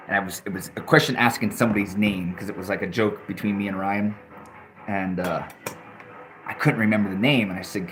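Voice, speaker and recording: A man with a somewhat low voice tells a story straight to his audience. His delivery is rambling and casual, full of restarts, fillers and the odd swear word. He talks the way he would to a friend. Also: fairly bright tone. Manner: frequent swearing, conversational. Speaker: vlogger.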